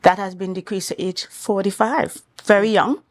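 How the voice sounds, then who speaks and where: With a mid-range voice and a Trinidad and Tobago accent, this female doctor guests on a morning talk show. She lays out her explanations carefully and clinically.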